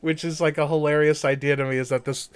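A man's voice: a little high, little pitch movement, fast talker, smooth, dry recording. Rambling, laughing male podcast co-host. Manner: rambling, laughs often, swears casually. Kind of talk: casual chat.

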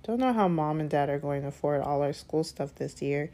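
A woman's voice: sits low, brisk, dark tone. A woman voicing a wry, teasing teenage boy wizard in a read-aloud story.

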